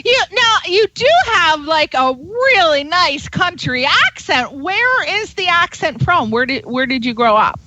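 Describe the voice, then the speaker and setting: A woman hosting a radio interview show, animated and exclamatory as she asks questions. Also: high voice, unhurried, hardly any pauses, no echo, lo-fi sound.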